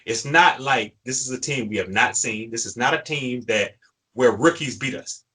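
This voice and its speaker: Worked-up man, emphatic fan rant, bright sharp tone, husky edge. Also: mid-range voice, normal speed, low-quality recording. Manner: emphatic, ranting, repeats phrases. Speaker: sports podcast co-host. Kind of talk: fired-up fan commentary.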